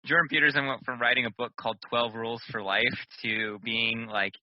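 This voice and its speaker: A man's voice: medium pitch, fairly even intonation, a little fast, highs cut off. A man co-hosting a podcast in casual chat, rambling with lots of fillers and casual swearing. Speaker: podcast co-host.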